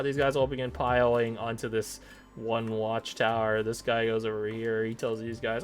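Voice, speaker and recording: A man running a tabletop game as game master, narrating in a lively, jokey way. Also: medium pitch, normal speed, soft background music.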